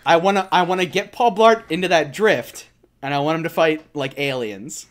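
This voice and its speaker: A man co-hosting a comedy film podcast, excitable and pitching silly ideas in casual chat. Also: moderate pace. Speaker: podcast co-host.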